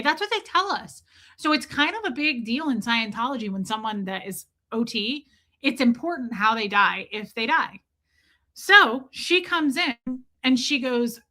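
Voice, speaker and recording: A woman's voice: fairly high pitch, sharp tone. Blunt, profane woman telling a story on a livestream. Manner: blunt, profane, reads viewer names aloud mid-story. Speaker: livestream host. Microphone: streaming setup mic.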